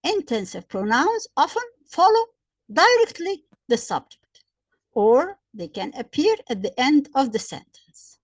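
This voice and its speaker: A woman gives a grammar lesson with a fairly high voice. She works through example sentences slowly and repeats each point, and her voice sounds dry and close, with little room around it. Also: sing-song, no room sound. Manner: slow, repetitive explaining with examples. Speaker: English grammar teacher.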